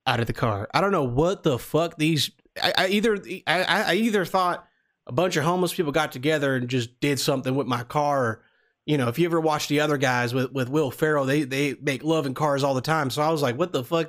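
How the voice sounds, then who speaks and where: A man's voice: fairly high pitch, fast talker, fairly bright tone, close to an everyday voice. A man voicing a lonely Southern country guy who stammers and rambles on a prank phone call. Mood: rambling. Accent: American Southern (put on). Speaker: prank caller.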